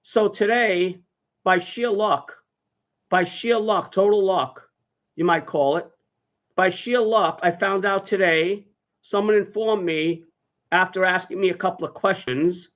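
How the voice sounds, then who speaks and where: A man's voice: high-pitched, unhurried, a bit bright. A man telling a story on a livestream, rambling and profane, repeating his phrases over and over. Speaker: live streamer.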